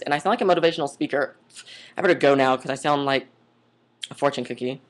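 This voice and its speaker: A woman's voice: a bass voice, fast, pauses often. Young woman, vlogger, rambling, gushing, says like a lot, casual monologue. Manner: rambling, chatty, goes off on tangents.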